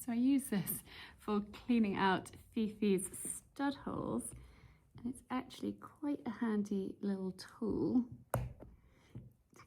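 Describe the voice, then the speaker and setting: A woman with a medium-pitched, dark-toned voice speaks slowly as she works through a do-it-yourself project. As a DIY vlogger in a cluttered workshop, she thinks aloud and mutters to herself in a relaxed how-to style.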